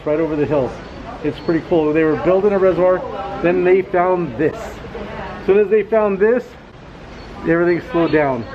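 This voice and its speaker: A man's voice: a little high, lo-fi sound. A man casually vlogging on a zoo visit, joking and chatting to his viewers. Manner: jokey, chatty, talks to viewers. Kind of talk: casual vlog commentary. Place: outdoors at a zoo.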